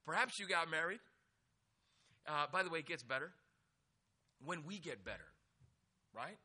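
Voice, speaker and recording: A middle-aged man giving a humorous sermon, telling lively stories with loose fillers and restarts. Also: a little high, moderate pace. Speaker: pastor.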